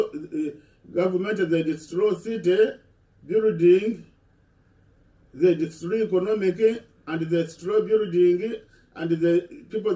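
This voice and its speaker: Man, halting impassioned speech, mellow tone, distant echoey recording. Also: sits high. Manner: halting, repeats words and restarts.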